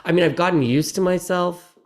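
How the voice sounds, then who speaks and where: A man's voice: high voice, a little fast. Chatty, meandering middle-aged man. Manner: chatty, meandering, self-deprecating. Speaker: guest actor. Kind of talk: casual interview chat.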